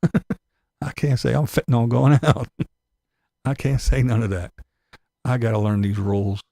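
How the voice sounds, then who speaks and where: A man's voice: mid-range voice, unhurried, gravelly, dark tone, no echo, studio quality. Laughing, profane ranting man. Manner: profane, laughs often, sarcastic. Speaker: vlog commentator. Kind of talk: ranting commentary.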